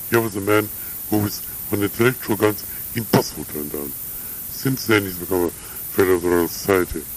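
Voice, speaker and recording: Older man, very low pitch, measured and halting, interview, light hiss. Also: rough recording. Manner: measured, halting, with frequent uhs. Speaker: interviewee, academic. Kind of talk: reflective interview talk.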